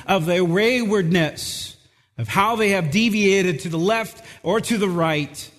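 Male pastor preaching, earnest and emphatic, kinda high voice, big echoey church. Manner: earnest, emphatic, repeats words for stress. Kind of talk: sermon.

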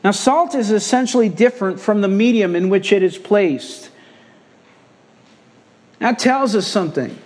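Male preacher with a high voice, emphatic sermon delivery, repeats lines for stress. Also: lively intonation, a little slow, long pauses, darkish tone. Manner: emphatic, repeating key phrases. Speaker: pastor.

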